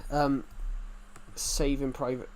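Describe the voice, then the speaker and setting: Speaking slowly and flatly at a medium pitch, a young man livestreams a game and chats casually. His talk wanders, mocks himself, and drifts off topic with ease.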